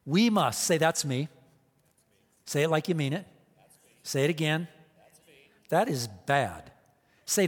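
A man's voice: on the high side, animated, normal speed, big-room sound. A man preaching a sermon, emphatic and repetitive, firing off rhetorical questions to the congregation. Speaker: pastor.

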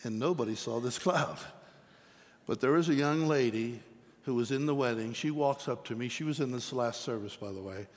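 A middle-aged man preaching, telling his own story in an earnest, storytelling way. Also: normal speed. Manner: storytelling, earnest, rises in pitch when emphatic. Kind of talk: sermon testimony. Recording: long hall reverb.

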